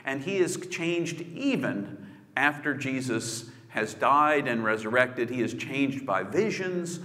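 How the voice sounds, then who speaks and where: A man's voice: mid-range voice, expressive, slow, sharp tone. A man preaching a sermon in a conversational storytelling way, with casual asides. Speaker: pastor. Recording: echoey hall with long reverb.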